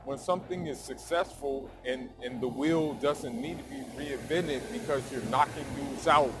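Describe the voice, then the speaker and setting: Man, casual sports commentary, slangy and emphatic, loud traffic behind him. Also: on the high side. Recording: loud background noise.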